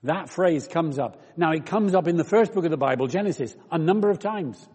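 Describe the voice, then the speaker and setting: A man's voice: fairly high pitch, animated, fairly quick, a little mellow, husky. A man preaching a sermon in a church, explaining scripture in a conversational way and asking the listeners questions. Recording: long reverb of a church hall.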